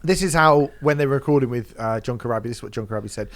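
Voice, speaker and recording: A man's voice: mid-range voice, rapid-fire. A man co-hosting a podcast, talking in a sarcastic, mocking way and laughing often. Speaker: podcast co-host. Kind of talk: casual podcast chat.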